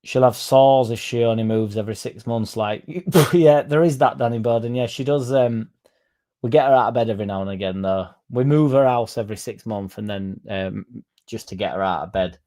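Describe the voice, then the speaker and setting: A man hosting a fan livestream, rambling through deadpan jokes and chatting to the chat. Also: mid-range voice, normal speed. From Leeds, England. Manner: rambling deadpan joking, dropped articles. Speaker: fan channel livestream host. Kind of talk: casual livestream chat reading the chat.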